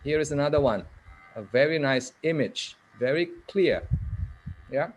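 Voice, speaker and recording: A man's voice: a little high, lively intonation, measured pace, a little hiss or hum. A man giving an online English lesson, coaching participants by name and having them repeat words. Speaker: keynote speaker teaching English pronunciation. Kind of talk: online lecture with audience drills.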